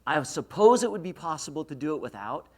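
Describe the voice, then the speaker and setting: Very animated and talking fast, a middle-aged man from Idaho with a voice on the high side gives a university lecture as a motivational speaker. Self-deprecating stories mix with questions aimed at the audience.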